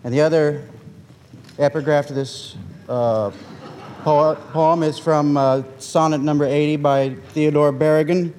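A man reads his own poem aloud, his voice a touch higher than most and very slow and measured. He half-chants the repeated lines like an incantation. The sound carries a long reverb from a large hall. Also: steady tone, a little mellow, slight background noise. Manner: rambling spoken introduction with fillers. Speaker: poet. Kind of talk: poetry reading.

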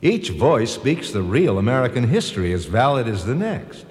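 A man voicing history itself, earnest and expressive. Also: medium pitch, moderate pace, lightly acted. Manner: earnest, gently correcting. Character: reflective male personification of American history. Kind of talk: scripted drama narration. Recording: long reverb.

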